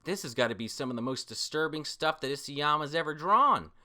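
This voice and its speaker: An excitable man talks his way through a comic chapter, reacting as he goes. His voice is bright and tense, and he swears freely. He breaks in with loud exclamations between his descriptions. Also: a little high, fairly quick. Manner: excitable, profane, frequent exclamations. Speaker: manga reader reacting to a chapter. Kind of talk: excited read-through commentary.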